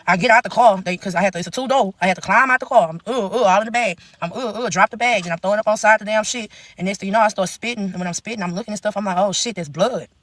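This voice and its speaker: A woman's voice: mid-range voice, very fast, few pauses, a bit bright, no echo. A young woman telling a blunt, profane storytime into her phone, in long run-on stretches. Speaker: TikTok storyteller. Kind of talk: casual storytime rant.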